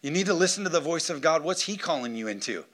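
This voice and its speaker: Lively preaching man with jokes. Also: a little high, fast. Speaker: pastor. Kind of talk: sermon. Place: church sanctuary.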